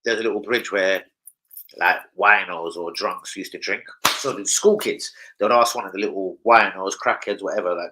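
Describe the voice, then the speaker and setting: This football channel host, a man from London with a London accent, tells loud, rowdy, swear-filled stories in casual live-stream chat, jumping into shouting. He has a low voice at a moderate pace, with background noise in the clip.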